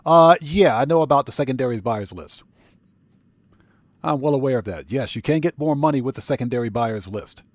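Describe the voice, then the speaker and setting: A man's voice: mid-range voice, lively intonation, a little fast, no echo. A man hosting a solo game livestream, casually reading and answering chat with frequent chuckles, speaking. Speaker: livestream gamer host.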